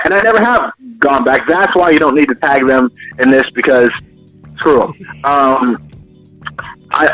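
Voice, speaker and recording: A man co-hosting a podcast, telling a story in an animated way, often repeating himself and quoting others. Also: medium pitch, dry recording, dull audio. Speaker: podcast co-host. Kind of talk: casual storytelling.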